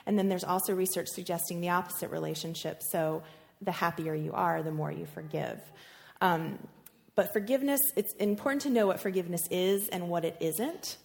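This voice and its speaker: A woman with a slightly low voice teaching a class on relationships. She talks in a casual, chatty way, full of little fillers and restarts. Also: fairly quick, vocal fry. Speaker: workshop presenter.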